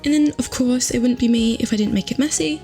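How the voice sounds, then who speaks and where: A young woman chatting casually through a hair tutorial, upbeat and full of fillers, her voice still rough from just waking up. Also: a little high, fast talker, warm tone, faint music behind. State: morning voice, just woken.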